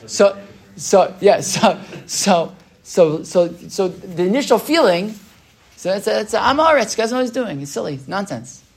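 A man leads a relaxed Torah class in a loose, talkative way. He keeps checking in with his listeners with a quick "right?" and slips into the voices of the people in the stories he tells. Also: high-pitched, gravelly, slightly rough. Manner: chatty, keeps asking "right?"; acts out quoted voices in his retelling. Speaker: Torah teacher. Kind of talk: casual Torah class lecture.

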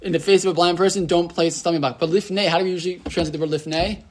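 A man's voice: high-pitched, fairly even intonation, racing. A man teaching a conversational Torah class as a rabbi, often checking in with the room and mixing Hebrew terms into his English. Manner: chatty, asks the room "right?", lots of restarts and "like".

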